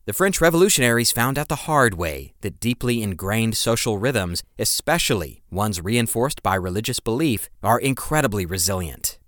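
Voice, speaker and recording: A man with a low voice narrates a scripted history podcast, leaning into each phrase with dramatic emphasis and the odd playful aside. The recording is close and dry, with no room around the voice. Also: expressive, moderate pace, hardly any pauses, fairly bright tone, no room sound. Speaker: podcast host.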